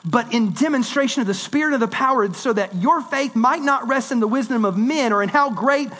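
A man preaching a sermon in a conversational, animated way, swinging between loud and hushed delivery. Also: extremely high pitch, fairly quick. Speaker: pastor.

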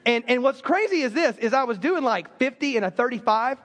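A man's voice: very high-pitched, lively intonation, fairly quick, fairly bright tone. A man preaching a sermon as pastor, telling stories with joking asides. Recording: long reverb of a large hall.

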